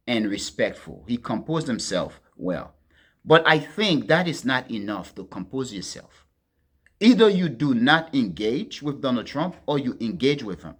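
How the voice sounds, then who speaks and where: A man hosting a political commentary monologue, talking to his listeners as friends in a deliberate, emphatic way and leaning hard on key words. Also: mid-range voice, big pitch swings. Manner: deliberate, addresses listeners as friends, stresses words with sharp swings in loudness.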